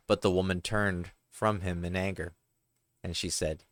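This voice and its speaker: A man reading parables aloud, unhurried, with the odd slip and correction. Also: sits low, little pitch movement, dry recording. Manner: unhurried, with occasional slips. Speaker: reader.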